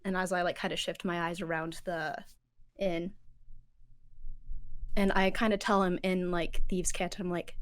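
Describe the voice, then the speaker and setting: Slow-talking woman narrating her character. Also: on the low side, level tone, a little hiss or hum. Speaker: player.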